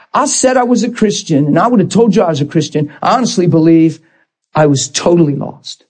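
A man preaching a sermon as a pastor, moving between calm talk and emotional shouting. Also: high-pitched, husky.

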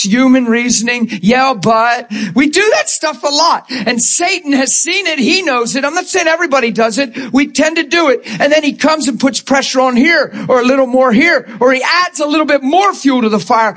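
A male pastor preaching with a strikingly high voice. He builds to fervent shouts, stumbles over repeated words and talks straight to his congregation. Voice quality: high-pitched, animated, stammering repeats. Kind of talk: sermon.

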